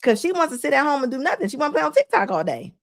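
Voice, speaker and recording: Racing along in a high, very animated voice, this woman hosts a live stream of casual reaction commentary, laughing often and lecturing her viewers in preachy asides.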